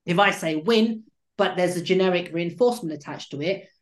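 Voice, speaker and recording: A man, a dog trainer and coach, explaining his training methods at length in an animated interview. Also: high-pitched, brisk. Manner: animated, acts out what the dog thinks. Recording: roomy echo.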